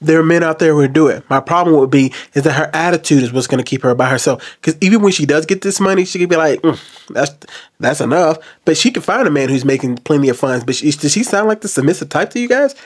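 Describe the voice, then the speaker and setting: Man, reaction commentator, highish voice, animated, loud then low asides. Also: fast talker, few pauses. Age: adult. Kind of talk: casual commentary to camera.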